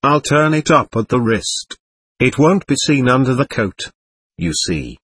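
A man voicing an excitable young man who explains himself with hurried, childlike ingenuousness in a storybook reading. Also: mid-range voice, slightly rough, full character voice. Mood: confiding.

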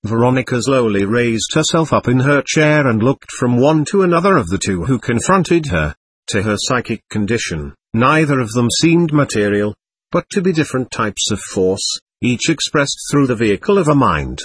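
A man narrating a novel in a measured, even reading voice. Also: medium pitch, slightly rough. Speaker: audiobook narrator. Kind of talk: scripted narration.

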